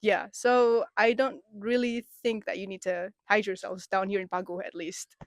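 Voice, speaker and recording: A woman's voice: mid-range voice, no room sound. Young girl chatting on a campus podcast, laughs a lot, mid voice, dry room. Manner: relaxed, laughs often, quick asides. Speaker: podcast co-host, university student. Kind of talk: casual chat.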